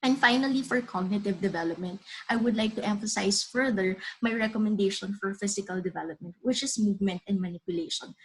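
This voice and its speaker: Woman in her 30s with a husky voice, giving a calm earnest slide talk to parents. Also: medium pitch, rough recording. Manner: measured, earnest, advisory. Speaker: child development speaker. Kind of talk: webinar slide presentation.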